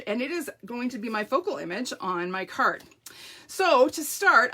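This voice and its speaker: A woman's voice: on the high side, bright, forceful tone. A woman hosting a casual live stamping craft demo, chatty and upbeat, greeting viewers by name. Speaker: stamping craft demonstrator, host.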